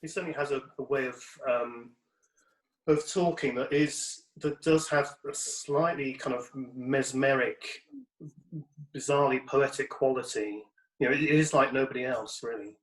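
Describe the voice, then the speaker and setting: A male poet guest on a radio show, speaking in a thoughtful, measured way. His voice has a roomy echo around it. His pitch sits in the middle for a man. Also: fairly even intonation. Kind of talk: radio interview.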